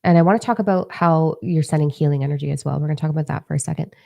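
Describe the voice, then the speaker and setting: A woman in her forties, a spiritual teacher talking casually and candidly to her followers, swearing freely and breaking into animated asides. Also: deep voice, racing, vocal fry, no echo, clean studio sound. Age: 40s.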